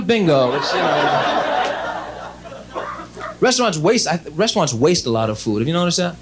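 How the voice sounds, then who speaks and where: A man's voice: high voice, animated, a little fast, crowd noise. A man doing stand-up comedy, chatty and rambling, talking straight to the audience and slipping into exasperated mock dialogue.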